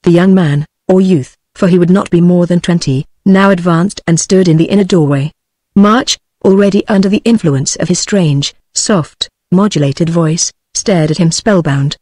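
A woman's voice: on the low side, no echo, studio quality. Synthetic British woman reading a novel. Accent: British English. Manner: even, measured reading that voices all the characters alike. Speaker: audiobook narrator. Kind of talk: synthetic text-to-speech book reading.

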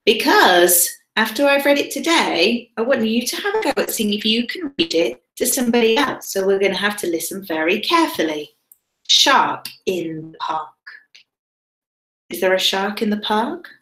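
Teacher's lively storybook voice, echoey. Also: female voice, mid-range voice, moderate pace. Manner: animated, whispers and gasps for suspense. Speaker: primary school teacher. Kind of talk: reading a picture book aloud to children. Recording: echoey room.

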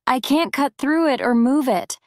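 A woman's voice: high-pitched, expressive, normal speed, darkish tone, no room sound, studio quality, pitched above the performer's own voice. A woman voicing a desperate young male sailor imprisoned alone, anguished and pleading. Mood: despairing.

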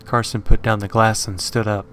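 A man narrating a horror story in a measured, dramatic reading. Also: on the low side, flat delivery, fairly bright tone, slight background noise. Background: faint horror background music.

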